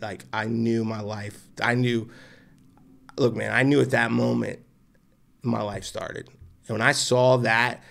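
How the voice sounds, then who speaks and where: Man in his 40s, gravelly voice, earnest storyteller, keeps doing the voices of people in the story. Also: medium pitch. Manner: animated, acts out the voices of people in his stories; emotional, earnest. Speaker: podcast guest. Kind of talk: candid personal storytelling.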